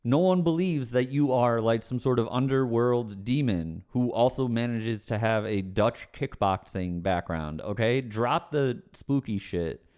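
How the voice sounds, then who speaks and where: A male streamer answers chat questions in a casual livestream, ranting, swearing, then apologizing with a laugh. His medium-pitched voice is darkish and clean, with a measured pace and hardly any pauses.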